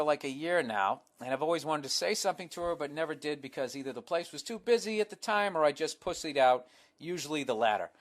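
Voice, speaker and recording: A man's voice: a little high, a bit bright. Profane, sarcastic Boston man hosting. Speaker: podcast host answering a listener letter. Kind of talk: casual comedic podcast monologue.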